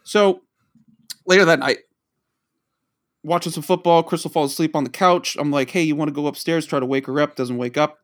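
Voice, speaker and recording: A podcast co-host from the Boston area tells a long, rambling story in a casual way, acting out the dialogue he quotes. His voice runs on the high side with fairly even intonation, and he talks briskly but leaves long pauses.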